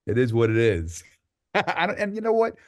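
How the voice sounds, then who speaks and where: A middle-aged man, a rapper as interview guest, telling stories in a rambling, animated way and acting out people he quotes. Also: mid-range voice, moderate pace. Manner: animated, acts out quotes with sudden loud outbursts; rambling, many restarts and fillers, swears freely. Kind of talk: casual interview storytelling.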